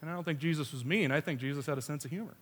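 A man's voice: a little high, very fast, long reverb tail. A man preaching a sermon, telling a family story with playful quoted voices. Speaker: pastor.

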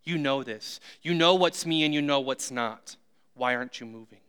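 A calm, commanding divine voice speaks, as a preacher puts it on. It sounds bright and crisp, and it rings with a long reverb in a large hall. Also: male voice, medium pitch, moderate pace, natural voice. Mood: gently reproachful.

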